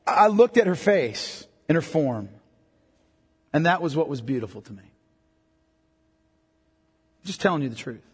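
Male pastor, middle-aged, husky and high-pitched, joking sermon delivery, long reverb. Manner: joking asides with a congregation. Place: church hall.

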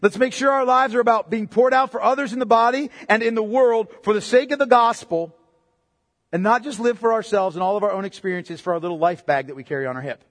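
A man preaching a sermon in a high voice, his words ringing out in a hall with a long echo. He is impassioned, pushing up loud in places and dropping low and quiet to stress a point. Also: quick pace. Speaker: pastor.

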